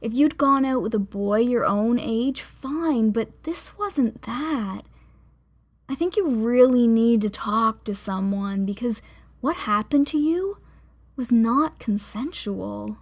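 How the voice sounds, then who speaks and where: Brief: woman narrator doing a worn-out, kind gym teacher in an audiobook, slow and patient, slightly high. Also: animated, full character voice. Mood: weary gentle. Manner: tired, soothing, patient.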